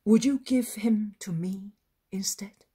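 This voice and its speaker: A woman's voice: mid-range voice, takes it slowly, dark tone, husky, voice pushed up. A woman voicing a tearful elderly peasant grandfather who pleads for his grandson. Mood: pleading. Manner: tearful and imploring.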